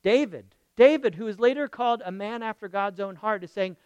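A man preaching a sermon. He speaks expressively, repeats phrases for emphasis, and swings from loud declarations to near whispers. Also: sits high, brisk, few pauses, clear, resonant tone, no echo, highs cut off. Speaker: pastor.

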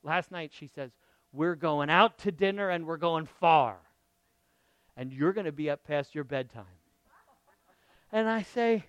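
A middle-aged man preaching a lively, conversational sermon, often asking his listeners questions. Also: a little high, normal speed, clear, resonant tone, dry recording. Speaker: pastor.

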